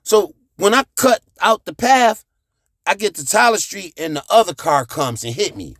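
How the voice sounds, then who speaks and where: A man telling a profane childhood story, animated, with sound effects and shouted reenactments. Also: sits high, normal speed, no echo, studio quality. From United States.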